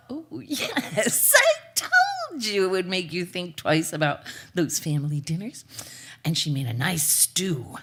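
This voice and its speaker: Woman telling a dark fairy tale live, really animated, bright voice, jokes to the crowd. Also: on the low side, husky. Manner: dramatic, playful asides to audience. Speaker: storyteller.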